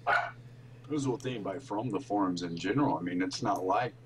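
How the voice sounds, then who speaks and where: A man's voice: deep voice, a little fast, a little hiss or hum, poor audio. Earnest man musing on a podcast. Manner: earnest, rambling, with false starts. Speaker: podcast co-host. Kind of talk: casual reflective chat.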